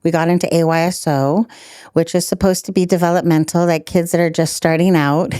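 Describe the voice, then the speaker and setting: A middle-aged woman telling stories as a podcast guest, animated, laughing often and acting out quotes. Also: lowish voice, fairly quick, smooth, dry recording, studio quality. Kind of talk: storytelling in a podcast interview.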